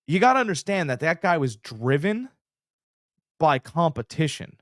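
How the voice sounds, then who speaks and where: A man co-hosts a casual sports podcast, telling stories with plenty of energy and acting out the quotes. His voice is fairly high and moves at a normal speed. The recording is dry and studio quality.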